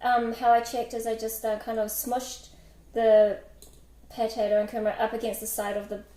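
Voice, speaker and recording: A woman's voice: on the high side, little pitch movement, moderate pace, a little hiss or hum. A woman hosting a casual cooking livestream, chatty and giggly, full of fillers, reading out chat while she preps food. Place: home kitchen. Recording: echoey kitchen with loud clatter. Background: kitchen clatter, chopping and dishes.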